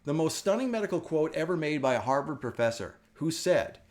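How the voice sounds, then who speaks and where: A middle-aged man from the United States hosting a casual wellness talk, telling stories with animated energy and frequent laughter. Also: a little high, fairly quick. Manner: animated storytelling, laughs often. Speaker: wellness show host. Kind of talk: casual chat.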